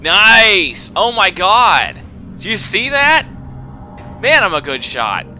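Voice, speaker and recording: A young man commentating his own video game run, swinging between frustrated shouting and swearing and calm explanations of tactics. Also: sits high, slow, faint music behind. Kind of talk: let's play commentary.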